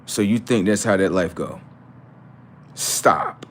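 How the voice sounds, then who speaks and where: A man's voice: low voice, slow pace, a bit bright, slight background noise. A man hosting a casual livestream, mocking and scolding his chat with teasing, repetitive remarks. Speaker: livestream host.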